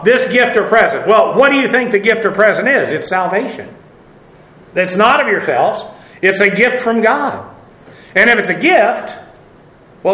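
Male Bible teacher, high voice, rambling and filler-heavy, recorded in a roomy space. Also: pushed and bright. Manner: rambling, with many "uh" fillers, spelling out Greek words. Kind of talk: verse-by-verse Bible lesson.

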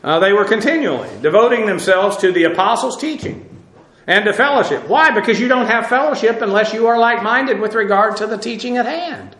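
A man's voice: high voice, brisk, a bit bright. Man teaching Bible class, echoey room. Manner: conversational, many fillers, dry asides.

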